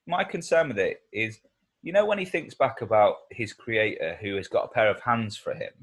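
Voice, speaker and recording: A man's voice: fairly low pitch, big pitch swings, normal speed, fairly bright tone, husky. A man co-hosting a podcast in casual chat, who laughs easily and talks with animation. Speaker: podcast co-host.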